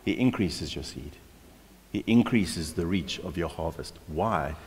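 A man's voice: sits low, expressive, unhurried, darkish tone, a little hiss or hum. A male pastor from South Africa preaching a sermon, emphatic and exhorting, often restarting his words. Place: church hall. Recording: long hall reverb.

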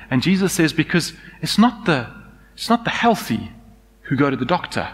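A man preaching in a church, his voice carried by a long hall reverb. He swings between raised, urgent emphasis and hushed, tender moments, in a middle-pitched tone. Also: animated, moderate pace. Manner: passionate, rising to loud emphasis and dropping to soft intimacy. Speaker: pastor. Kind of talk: sermon.

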